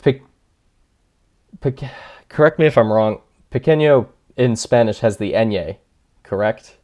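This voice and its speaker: This streamer has a medium-pitched, slightly mellow voice and keeps a measured pace. He thinks out loud through his game, reads chat, and jokes at his own expense in a chatty, casual way.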